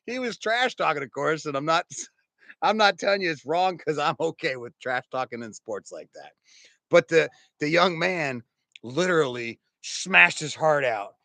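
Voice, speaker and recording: A man's voice: fairly high pitch, normal speed, vocal fry, dry recording. Brief: male pastor about fifty, raised tone with lots of swing, dry close sound, chatty storytelling sermon delivery. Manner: animated, conversational, chuckles through stories.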